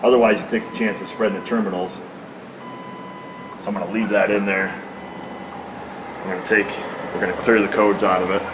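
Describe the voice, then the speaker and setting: Guy at a repair shop walking thru a car fix step by step, lowish voice, car running in the background. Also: level tone, brisk, long pauses, background noise. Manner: plain-spoken, explains step by step while working. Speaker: auto repair technician. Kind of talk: hands-on repair demonstration.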